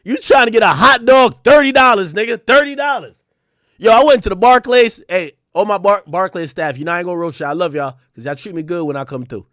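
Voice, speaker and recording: A man in his thirties riffs to his live chat in a loose, profane rant. His voice sits high, and he swings between loud, mocking outbursts and low, mumbled asides. The sound is dry and close, with no room around it. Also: fast talker, few pauses, dry recording. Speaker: streamer.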